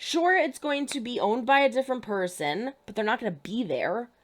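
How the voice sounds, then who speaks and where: Young female reaction host, emphatic and exasperated, bright lively pitch that swoops up and down. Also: normal speed. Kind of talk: casual TV reaction commentary.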